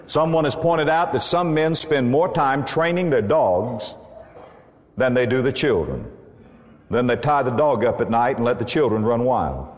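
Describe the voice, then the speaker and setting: A man preaching a sermon, animated and emphatic, quoting scripture. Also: medium pitch, moderate pace, in a large hall.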